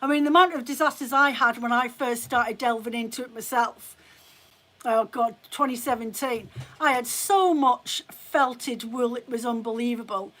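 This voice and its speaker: A woman's voice: on the high side, normal speed, a bit bright. A middle-aged British woman who runs a fibre shop, chatting bluntly and casually on a live stream and swearing freely. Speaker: fibre shop owner hosting a live chat.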